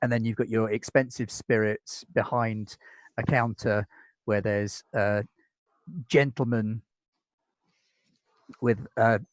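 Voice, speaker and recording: A man's voice: fairly low pitch, steady tone, slow, long pauses, no echo, poor audio. A British man narrating as game master of a tabletop game, describing scenes in an easygoing way with many fillers.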